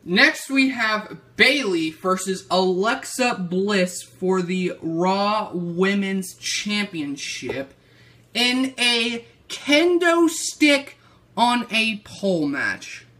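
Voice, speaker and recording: A man talks straight to his viewers in a casual prediction vlog, with a bright, edgy tone. He rants in an excitable way and swears freely, his voice sitting a little high. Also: very slow. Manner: profane, excitable ranting. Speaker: wrestling YouTuber host.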